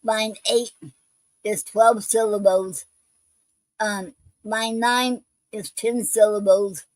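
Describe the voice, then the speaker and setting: A woman's voice: medium pitch, fairly even intonation, slow, darkish tone, no room sound, poor audio. A woman hosting a poetry show, reading poems and explaining a poetic form in a hesitant way, with many ums and restarts.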